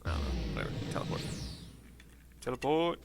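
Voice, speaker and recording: A man casually narrates a game story for blind viewers. His voice is bright and forceful, and he rambles, swears and pokes fun at himself. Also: medium pitch, moderate pace, creaky, a little hiss or hum. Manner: rambling, swears, self-deprecating. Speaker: gaming narrator.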